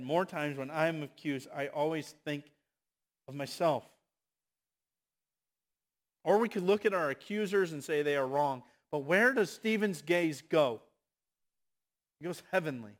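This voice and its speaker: Man, preacher, sermon, slightly high voice, slow deliberate delivery, impassioned swings from loud to hushed.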